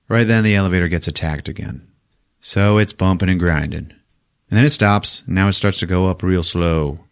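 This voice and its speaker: A man hosting a podcast, retelling a movie plot in a loose, profane, animated way and laughing at his own jokes. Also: deep voice, moderate pace, creaky, clean tone. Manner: profane, animated retelling with sudden character voices. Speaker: podcast host. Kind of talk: casual movie recap.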